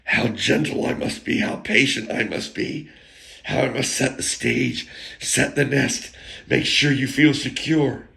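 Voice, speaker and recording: Gravelly, bright-voiced man telling a rambling story. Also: mid-range voice, unhurried. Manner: blunt, crude, digressive, with chuckles and rants.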